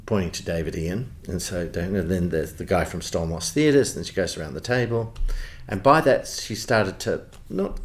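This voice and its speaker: A man with an Australian accent, a theatre producer telling lively backstage anecdotes in an interview. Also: sits low, moderate pace. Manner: animated storyteller, does voices in quotes.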